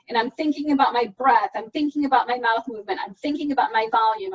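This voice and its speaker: A high, somewhat breathy-voiced woman works patiently through speech exercises as a speech therapist, one step at a time. She comes over a dull, lo-fi video call and sits a little back from her microphone. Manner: patient, step-by-step explaining with spoken demonstrations. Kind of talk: online support group presentation. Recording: dull lo-fi call audio, from a distance.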